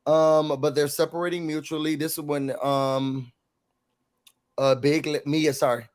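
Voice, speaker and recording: A man co-hosting a casual TV recap show, animated, acting out quotes in a raised voice. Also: on the high side, unhurried, clean tone.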